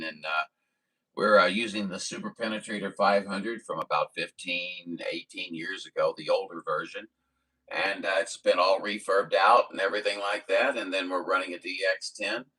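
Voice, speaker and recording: A man's voice: low-pitched, moderate pace, sharp tone, poor audio. A man from Missouri running a CB radio stream, chatting in a folksy, rambling way with radio jargon. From Missouri, USA. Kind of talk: radio contact chat.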